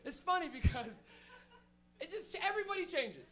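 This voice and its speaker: A man's voice: very high-pitched, very animated, normal speed, pushed and bright. A male stand-up comic from Toronto, working a room with a loose, profane set, laughing as he acts out stoner voices. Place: comedy room with a laughing crowd.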